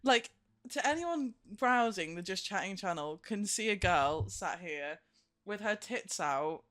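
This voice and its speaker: A woman's voice: mid-range voice, animated, measured pace, fairly bright tone, no room sound, clean studio sound. A woman live streamer chatting casually with viewers in a giggly, self-mocking way, talking into a streaming microphone at home.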